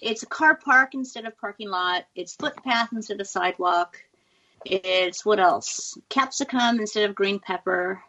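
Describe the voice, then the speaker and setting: A woman's voice: mid-range voice, normal speed. Chatty American woman from California. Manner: chatty, animated storytelling. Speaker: guest. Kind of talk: casual chat. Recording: dull lo-fi audio.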